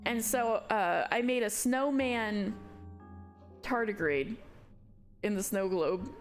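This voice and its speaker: A woman streaming a game, chatting casually with a giggly manner and sudden high squeals. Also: takes it slowly. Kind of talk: casual chat while reading a visual novel aloud. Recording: voice over loud music.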